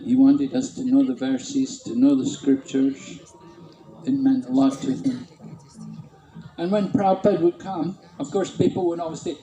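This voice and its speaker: A man's voice: mid-range voice, echoey room, lo-fi sound. A man casually reminiscing about his early temple days, often chuckling. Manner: warm-humored, chuckling, imitates others. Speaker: devotee reminiscing.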